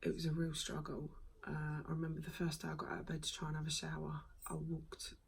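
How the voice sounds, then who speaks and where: A woman, recounting a hard personal story to camera in a soft, halting voice that often drops to a whisper. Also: sits low, completely flat delivery, creaky, husky, low-quality recording. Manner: soft-spoken, halting, with many ums and frequent whispery stretches. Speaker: vlogger.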